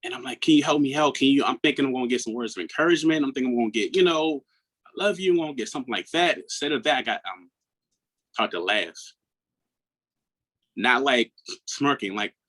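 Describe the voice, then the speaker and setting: Guy in his 30s from maryland telling his own story in an interview, earnest, goes quiet a lot. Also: mid-range voice, poor audio. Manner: earnest, reflective, often drops to a hushed tone. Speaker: guest, mental health coach.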